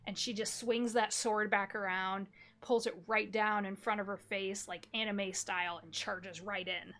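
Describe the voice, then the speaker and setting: A woman narrating a tabletop game as game master, telling scenes slowly with descriptive detail and fillers. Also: mid-range voice, fairly even intonation, a bit bright. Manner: slow, descriptive storytelling with fillers.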